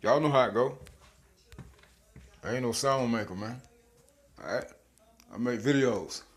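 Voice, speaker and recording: Male bible teacher, informal video sermon, emphatic and slangy, average pitch. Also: unhurried. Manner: emphatic, slangy, chuckling, repeats words.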